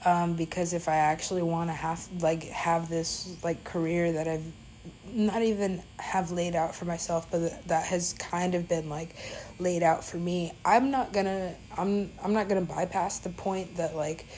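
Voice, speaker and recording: A woman's voice: on the low side, steady tone, normal speed, darkish tone, slight background noise, poor audio. A woman DJ telling a story in a casual, rambling way, full of fillers and swearing.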